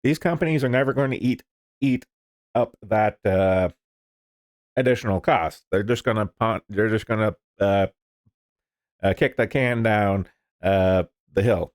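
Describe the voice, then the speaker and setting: Low-voiced man rambling over the news. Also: measured pace, pauses often, no room sound, clean studio sound. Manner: rambling, profane, lots of fillers. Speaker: streamer reading the news. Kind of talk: casual news commentary.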